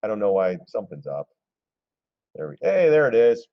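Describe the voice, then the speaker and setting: A man hosting a casual live stream, commenting on stock charts in an excitable, gleeful way and often clearing his throat. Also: lowish voice, moderate pace, highs cut off. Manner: excitable, gleeful when shorts pay off, throws in mocking voices.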